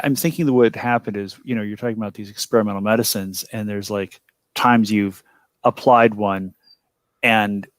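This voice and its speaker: A man chats as a player at a tabletop game, his voice sitting on the low side. He rambles and explains things animatedly, leaning on "like" and "you know." The sound is dry and close, with no room around it. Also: no echo.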